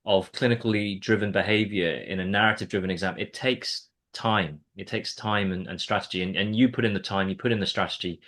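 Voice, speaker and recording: A man's voice: on the low side, brisk, few pauses. A man interviewing a candidate, encouraging and often restarting his words as he talks. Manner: warm encouraging, repeats words when starting sentences. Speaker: exam mentor and interviewer. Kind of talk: casual interview chat.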